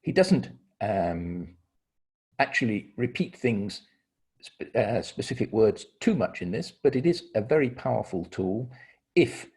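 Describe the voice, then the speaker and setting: A middle-aged man leading an online training seminar on communication, explaining step by step with deliberate pauses and stressed key words. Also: fairly low pitch, sing-song, a little mellow, slightly rough.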